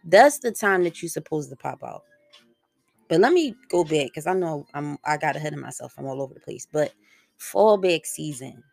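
A woman's voice: low-pitched, animated, normal speed, gravelly, darkish tone, no room sound, faint music behind. A young woman hosting her own podcast solo, talking in a casual, slangy, rambling way and swearing freely. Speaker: podcast host.

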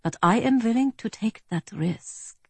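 A woman's voice: a little high, lively intonation, a little slow, gravelly, husky, no echo, pitched above the performer's own voice, heavily acted. A woman voicing a suave, menacing middle-aged German man, speaking coolly and politely with a German accent. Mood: cool menace. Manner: cool, polite, threatening.

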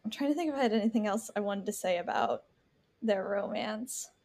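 A woman's voice: medium pitch, a little fast, a little mellow. A woman co-hosting a podcast, chatting casually about a book and filling her talk with "like.". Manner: chatty, many "like" fillers. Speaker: podcast co-host.

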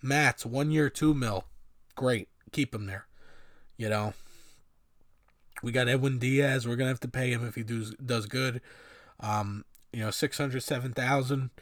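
A man's voice: mid-range voice, steady tone, a little slow, pauses often, no room sound, studio quality. A man giving a casual, rambling sports opinion monologue with many fillers and sardonic asides. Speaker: sports commentator.

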